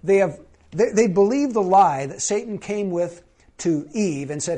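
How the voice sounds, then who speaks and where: A man's voice: sits high, expressive, unhurried, dark tone. A man preaching a sermon in a conversational way, questioning his congregation. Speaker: pastor.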